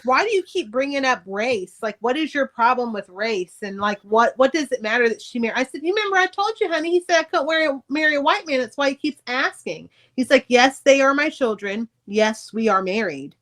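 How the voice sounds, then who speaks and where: A middle-aged woman speaks with a slightly high-pitched voice. She recounts her past in a blunt, profane, animated way and acts out each exchange. It sounds like casual talk on a podcast. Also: fairly quick. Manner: candid, profane, animated retelling. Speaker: podcast guest, author. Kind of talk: casual storytelling interview.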